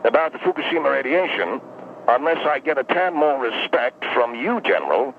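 A man's voice: medium pitch, expressive, moderate pace, a little hiss or hum, close to an everyday voice. A man voicing a prickly, aggrieved ex-convict who calls in, talking in wordy, pompous phrases. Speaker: caller. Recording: tinny phone line.

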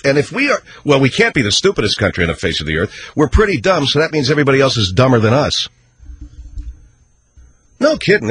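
A man's voice: mid-range voice, a bit bright, breathy edge. A man hosting a radio talk show, riffing sarcastically through a comedic monologue. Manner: sarcastic, riffing, acts out skits.

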